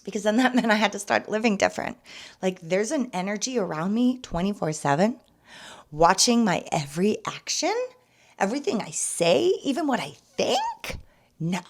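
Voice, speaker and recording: A young woman hosting a podcast, speaking candidly and earnestly about her own past, turning soft and emotional at moments and emphatic at others. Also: mid-range voice, animated, moderate pace. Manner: earnest and confessional, swinging between soft and emphatic. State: emotional, near tears at times. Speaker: podcast host. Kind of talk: casual personal testimony.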